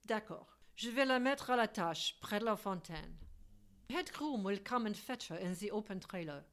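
A woman reading an audiobook, voicing a refined, unflappable middle-aged gentleman who speaks politely and calmly. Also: medium pitch, moderate pace. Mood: composed. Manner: polite, composed and courteous.

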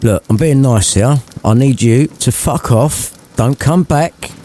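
A man voicing a crude, sarcastic old miser who swears loudly. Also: mid-range voice, unhurried, a little hiss or hum, voice pushed up, lightly acted. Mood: furious. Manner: loud foul-mouthed rants.

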